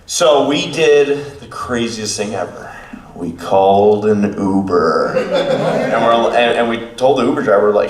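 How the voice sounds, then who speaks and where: A man's voice: mid-range voice, lively intonation, measured pace. A man hosting a convention panel, telling stories casually and laughing often. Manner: laughing, chatty storyteller. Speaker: podcast panel host. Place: convention hall room before an audience. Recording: echoey hall, voice from far off.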